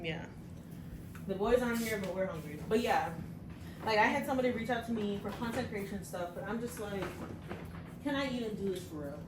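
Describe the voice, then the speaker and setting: A woman's voice: medium pitch, a little fast, pauses often, reverberant, background noise. A woman vlogging casually, talking straight to her viewers about her work and day. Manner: chatty, talks to viewers directly. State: out of breath, unwell. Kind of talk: casual vlog chat. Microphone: phone.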